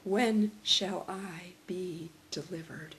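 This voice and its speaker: An older woman poet giving a poetry reading in a measured, reflective way. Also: fairly low pitch, a bit bright, slight background noise, low-quality recording. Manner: slow, measured and reflective delivery.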